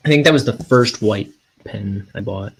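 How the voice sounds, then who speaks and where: A young man, a cartoonist, rambling in a meandering, self-deprecating way with deadpan jokes while he works. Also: on the low side, normal speed, breathy edge. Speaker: cartoonist inking his graphic novel. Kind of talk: casual rambling studio vlog.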